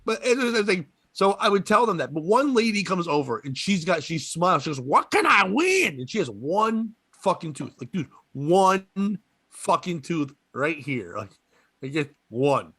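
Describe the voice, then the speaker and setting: A man's voice: fairly high pitch, animated, moderate pace, fairly bright tone, no room sound. A young adult man telling rambling, profane comedic stories in casual chat, laughing often. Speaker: podcast guest storyteller.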